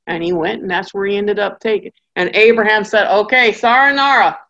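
A woman teaching a Bible study class in a lively storytelling style, acting out the people in her stories. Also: medium pitch, fairly quick, gravelly, muffled recording. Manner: acts out characters' voices in quotes.

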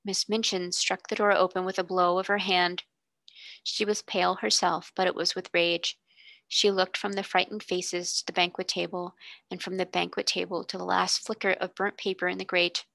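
A woman tutor reading a classic children's novel aloud with steady, expressive narration. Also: lowish voice, normal speed, gravelly, no echo. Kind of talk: storybook reading.

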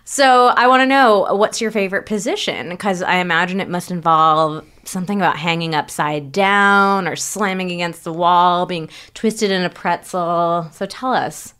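A woman's voice: fairly low pitch, normal speed, hardly any pauses, fairly bright tone, smooth. A woman in her forties, a sex therapist hosting a podcast in casual chat, upbeat and teasing. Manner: laughs often, upbeat and teasing.

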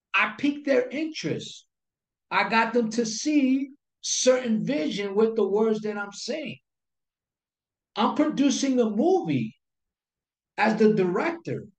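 A man teaching sales technique in an instructional talk to camera. He speaks emphatically, repeats his key phrases and asks rhetorical questions. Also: high voice. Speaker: sales coach. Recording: echoey room.

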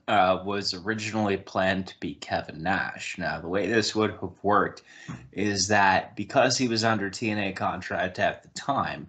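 A man's voice: low-pitched, normal speed, fairly bright tone. A man co-hosting a casual podcast, explaining in a matter-of-fact way. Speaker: podcast co-host.

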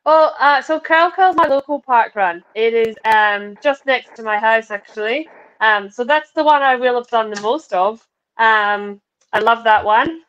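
A woman's voice: on the high side, measured pace, a bit bright. A woman with a Scottish accent, a runner being interviewed over a video call from her wardrobe at home, friendly and upbeat. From Scotland. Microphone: video call over a weak connection. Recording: muffled lo-fi video call audio.

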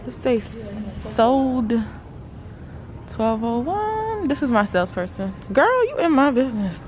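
A young woman vlogging to a phone camera in a casual, animated way, talking straight to her viewers. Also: high-pitched, unhurried, music in the background. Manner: chatty, animated, lots of "like" and "y'all". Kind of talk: casual vlog chat to camera. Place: car then indoor car showroom.

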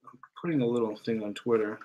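A man opening trading cards on a live stream from home, talking excitedly and exclaiming in breathless bursts. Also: fairly low pitch, quick pace, a little hiss or hum, rough recording.

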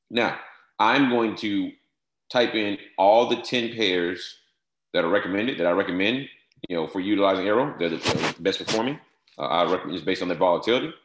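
A man giving a step-by-step software tutorial, repeating short instructions and filling pauses with "all right". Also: sits low, echoey room, slight background noise. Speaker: software trainer. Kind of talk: screen-share tutorial walkthrough.

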